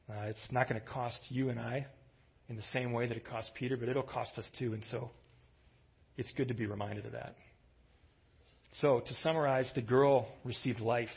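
A man's voice: medium pitch, husky, dull audio. A man preaching a sermon in a conversational, storytelling manner, with lifts in his voice for emphasis. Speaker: pastor.

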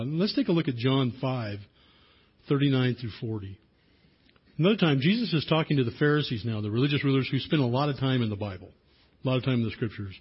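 A man preaching a sermon in a relaxed, conversational way, often restarting his sentences. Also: medium pitch, fast talker, breathy edge, dull audio. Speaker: pastor.

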